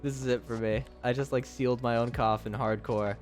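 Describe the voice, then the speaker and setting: A man's voice: steady tone, fairly quick. Giggly rambling male streamer over faint music. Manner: giggly, rambling, breaks into high laughing shrieks. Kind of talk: casual live-stream chat.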